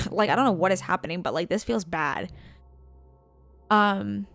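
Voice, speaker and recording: A woman co-hosting a game let's play, telling a profane, animated anecdote in a casual chat style. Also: mid-range voice, a little slow, creaky, long pauses, over music. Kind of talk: casual storytelling while gaming.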